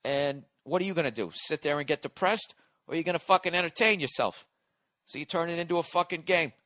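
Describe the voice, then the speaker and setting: A man's voice: on the high side, fast, pushed and bright, dry recording, clean studio sound. A man in his forties hosting a podcast, rambling through a profane comedic monologue while on cold medicine and reading listener letters aloud. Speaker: podcast host.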